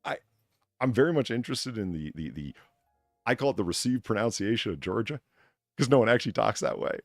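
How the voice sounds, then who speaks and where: Animated low-voiced man chatting about accents. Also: fairly quick, dry recording, studio quality, faint music behind. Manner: animated, swears freely, trails off mid-sentence. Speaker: podcast host. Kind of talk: casual chat about accents.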